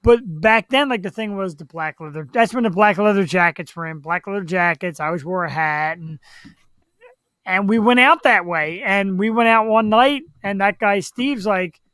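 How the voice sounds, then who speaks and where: Here a talk-show host, a man, chats and spins stories, slipping into tough-guy impressions as a lively storyteller. He speaks with a high voice at a moderate pace on a dry recording.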